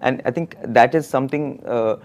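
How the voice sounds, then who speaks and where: A man sharing an anecdote in conversation, animated and laughing, acting out the people he quotes. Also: medium pitch, moderate pace. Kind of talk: storytelling in conversation.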